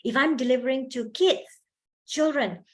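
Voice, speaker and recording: Animated woman teaching public speaking. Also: high-pitched, normal speed. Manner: animated, laughs often, chatty fillers. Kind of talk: lively workshop lesson. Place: university event hall. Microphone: handheld mic.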